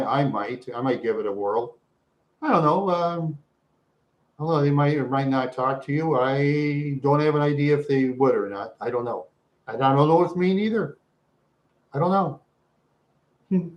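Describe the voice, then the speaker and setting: A man hosting a livestream, chatting loosely with his viewers, repeating himself and saying "yeah" a lot. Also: medium pitch. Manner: rambling, repeats "yeah" and laughs often. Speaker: livestream host. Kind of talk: rambling livestream chat with viewers.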